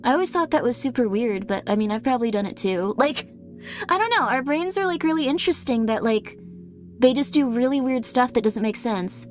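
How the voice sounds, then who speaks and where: A woman's voice: a little high, lively intonation, a little fast, faint music behind. A woman streamer chatting casually with viewers, rambling with many fillers.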